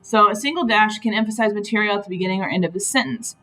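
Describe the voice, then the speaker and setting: A woman's voice: medium pitch, very fast, sharp tone, poor audio. A woman teacher talking through grammar slides in a patient, explanatory way, with frequent ums. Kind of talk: recorded slide lesson.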